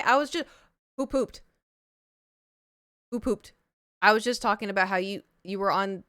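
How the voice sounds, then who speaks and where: A woman's voice: mid-range voice, pushed and bright, clear, resonant tone, dry recording. Chatty young woman streamer, dry sound. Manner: chatty, rambling, heavy use of "like", laughs easily. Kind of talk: casual storytelling to live chat.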